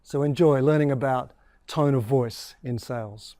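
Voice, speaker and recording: Male sales coach, mellow tone, dry close mic, demonstrates tones as he teaches. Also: mid-range voice, moderate pace, no room sound. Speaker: sales trainer. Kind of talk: explaining a training course.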